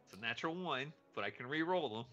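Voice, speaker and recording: Bright-voiced hesitant male player. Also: mid-range voice, lively intonation, quick pace, muffled recording, soft background music. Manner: hesitant, repeats words. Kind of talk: casual tabletop play.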